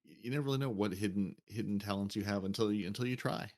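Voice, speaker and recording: An American man co-hosting a podcast, dry and halting in casual banter with frequent restarts. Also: on the low side, a little mellow. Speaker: podcast co-host.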